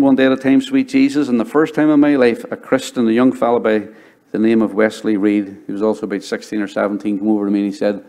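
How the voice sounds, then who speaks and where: A middle-aged male pastor preaching a sermon and telling his conversion story, dropping to a hushed voice when he quotes people. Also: medium pitch. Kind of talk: sermon with personal testimony.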